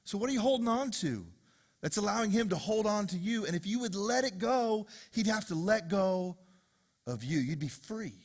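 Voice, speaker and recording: A man preaching a sermon as pastor to a congregation, swinging from loud, driving passages to hushed, repeated questions. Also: sits high, lively intonation, moderate pace. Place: church hall with congregation.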